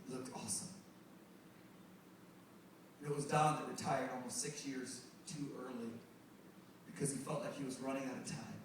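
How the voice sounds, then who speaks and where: A middle-aged male pastor preaching a sermon, animated and joking with the congregation as he tells stories. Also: mid-range voice, slight background noise. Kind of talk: sermon with storytelling. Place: church sanctuary. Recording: echoey hall, distant mic, music behind.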